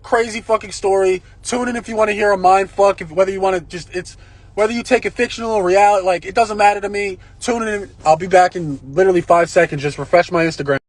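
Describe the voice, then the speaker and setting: A man telling a long story on a phone livestream, in a profane, rambling and excitable way. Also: sits high, fast, no echo. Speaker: live-streamer. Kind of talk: casual live-stream storytelling.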